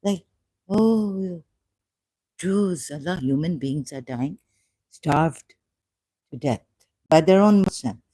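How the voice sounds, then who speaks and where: Slow, low-voiced impassioned woman streamer. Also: mellow, rough recording. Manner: impassioned, repetitive, rhetorical questions. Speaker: live stream host. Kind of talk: rambling live stream commentary.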